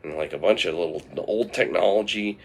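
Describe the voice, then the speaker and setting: A man's voice: deep voice, brisk, vocal fry, slight background noise. A man telling an improvised comic story in a meandering way, with lots of fillers and restarts.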